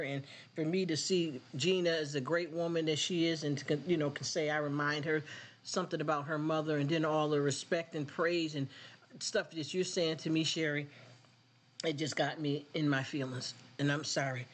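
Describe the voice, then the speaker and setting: A live stream host with a slightly high, steady voice speaks at a normal pace, preaching earnestly to his viewers and addressing them directly. He sounds emotional and choked up during this casual faith talk with live chat.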